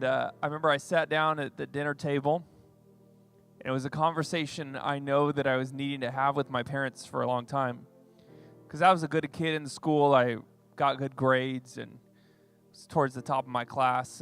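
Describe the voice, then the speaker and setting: A man's voice: medium pitch, fairly bright tone. A pastor in his forties preaching a sermon in a conversational, chatty way. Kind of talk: sermon with personal story.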